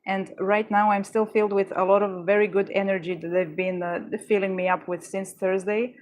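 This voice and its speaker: A woman's voice: medium pitch, level tone, fairly quick, a little mellow, slight background noise. Stuttering woman chatting casually. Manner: stutters, with many restarts and fillers. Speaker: livestream host. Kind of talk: casual chat answering viewers.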